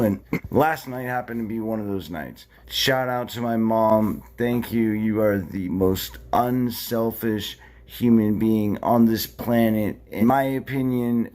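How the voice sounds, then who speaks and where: A man's voice: on the low side, darkish tone. A man telling a story to camera in a casual, blunt way, full of profanity and wry laughs. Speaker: vlogger. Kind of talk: casual street monologue.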